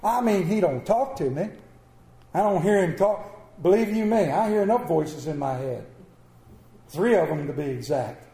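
High-voiced pastor preaching in an echoey church. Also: male voice, normal speed, creaky. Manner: animated, swinging from loud to hushed, humorous asides. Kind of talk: sermon.

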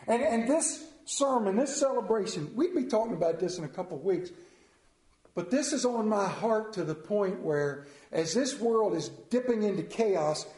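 A man's voice: sits high, mellow, reverberant, poor audio. A middle-aged male pastor preaching a sermon, telling stories with self-mocking humor.

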